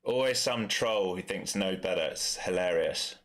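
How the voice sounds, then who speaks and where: A man's voice: deep voice, normal speed, a bit bright. A man from East London with a London accent, giving casual, blunt live commentary on his trades and answering chat. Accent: London English. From East London, England. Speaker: day trader streaming live.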